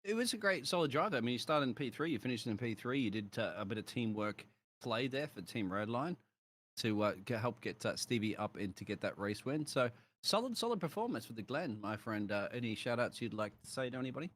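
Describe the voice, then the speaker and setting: A man's voice: mid-range voice, lively intonation, brisk, a bit bright. A man with an Australian accent, a race commentator interviewing drivers in jokey, matey banter. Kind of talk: joking post-race interview.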